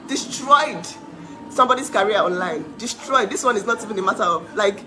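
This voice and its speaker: A woman's voice: mid-range voice, lively intonation, a little fast, noisy background. A woman in her thirties giving an angry, sarcastic rant, often laughing bitterly. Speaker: livestreamer speaking out for her sister. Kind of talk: emotional direct-to-camera rant.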